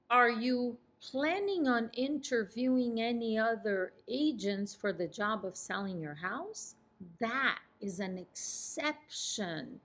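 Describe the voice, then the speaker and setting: A woman's voice: medium pitch, a bit bright. A middle-aged woman giving real estate coaching straight to camera, firm and ending her sentences on a falling tone. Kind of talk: direct-to-camera coaching talk.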